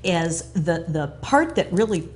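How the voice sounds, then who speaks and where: Female co-host, conversational and prompting, slightly low voice. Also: expressive, a little slow. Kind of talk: talk show conversation.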